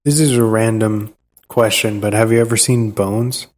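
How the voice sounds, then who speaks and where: A man guesting on a podcast, relaxed and chatty, answering briefly and laughing along while recalling film lines. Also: on the low side, moderate pace. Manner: laid-back, short agreeing replies, laughs along. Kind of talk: casual film discussion.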